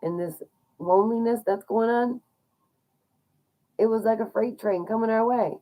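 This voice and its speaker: A woman's voice: fairly high pitch, moderate pace, warm tone, low-quality recording. A young woman talking casually to her viewers, chatty and encouraging, often laughing between points. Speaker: vlogger. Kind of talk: casual talk to viewers about loneliness.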